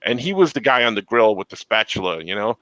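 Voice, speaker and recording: A middle-aged man hosting a casual chat, telling stories in an animated way and acting out the people in them. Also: lowish voice, quick pace, no room sound, rough recording. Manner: animated storyteller, acts out dialogue. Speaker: host.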